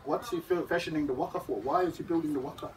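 A man telling a story to schoolchildren, dramatic, shifting from whispers to loud calls. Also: a little high, fast. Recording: distant mic with background noise.

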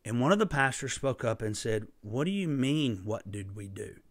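A man preaching a sermon through a personal story, impassioned and emphatic, with sudden loud bursts. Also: mid-range voice, expressive, moderate pace, no room sound.

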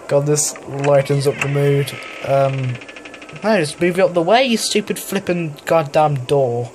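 Over music, a young man with a fairly high voice speaks a little slowly while doing let's play commentary on a horror game. He's a gaming YouTuber in his room at home, where family noise drifts up from downstairs, and he rambles hesitantly, laughing whenever something frightens him.

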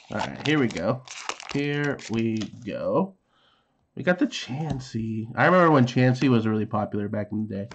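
A man's voice: mid-range voice, lively intonation, moderate pace, noisy background. A man in his thirties casually chatting while opening trading card packs, reading card names aloud and making sound effects. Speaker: card unboxing host.

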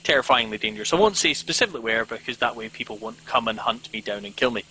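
A man's voice: mid-range voice, animated, fast, bright, forceful tone, slight background noise, low-quality recording. A man chatting casually as a guest, rambling with lots of "um"s and self-mocking jokes. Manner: rambling, frequent ums, self-mocking humor. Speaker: podcast guest. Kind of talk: casual video-call chat.

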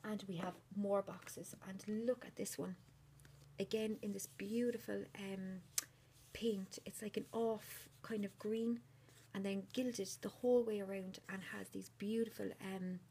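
A woman, gushing over handmade gifts in a casual unboxing vlog and often dropping into a hushed whisper. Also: medium pitch, vocal fry, a little hiss or hum. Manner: repeats delighted exclamations. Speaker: crafter unboxing a swap gift.

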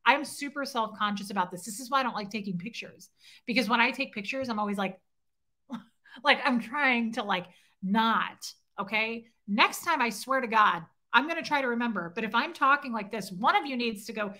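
On a phone microphone, this livestream host speaks at a normal pace in a fairly high, sharp voice with lively intonation. She keeps things casual, reading viewer comments out loud and trading self-deprecating, teasing banter.

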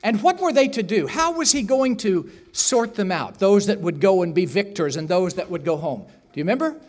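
In a church sanctuary, a male pastor preaches a sermon, telling a story with acted-out voices and putting questions to the congregation. His voice is high and a little mellow, with lively intonation at a normal speed.

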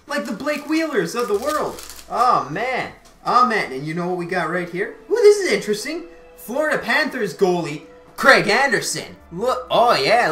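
A woman from Canada, hosting her channel and excitedly commentating a card pack opening, often repeating her exclamations. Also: mid-range voice. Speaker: channel host. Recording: roomy echo, faint music behind.

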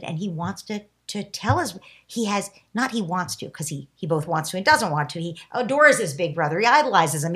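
A woman being interviewed on a podcast as a parenting expert, calmly explaining and acting out what a parent and child might say. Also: mid-range voice, slightly rough. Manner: acts out parent and child lines, calm and explanatory.

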